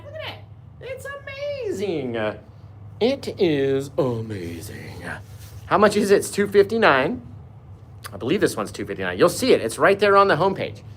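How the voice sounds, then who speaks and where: A man's voice: on the high side, huge pitch swings, normal speed, fairly bright tone, reverberant, slight background noise. Upbeat man hosting a live painting stream. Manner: upbeat, laughs often, reads viewer comments aloud. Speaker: painting show host.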